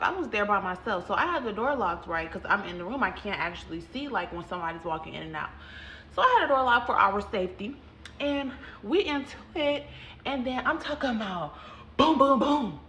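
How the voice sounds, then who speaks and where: A woman who owns a hair salon, telling a story to her viewers in an animated, chatty vlog style and calling them y'all. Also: medium pitch, a little fast, a little hiss or hum. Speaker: salon owner and hairstylist. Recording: roomy echo.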